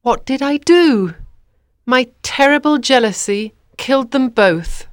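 A woman voicing a jealous young wife, speaking in a light, deliberate way in a storybook reading. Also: high-pitched, lively intonation, no room sound, studio quality, voice pushed up. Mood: remorseful. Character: young jealous wife, bitter then remorseful.

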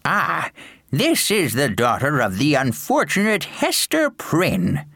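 A man voicing an old pastor in an audiobook, speaking slowly and preacherly. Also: fairly high pitch, wildly swooping pitch, vocal fry, fairly bright tone, dry recording, studio quality, pitched above the performer's own voice, exaggerated voice. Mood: solemn. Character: old pastor, stern yet gentle with children. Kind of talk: audiobook narration with character voices.

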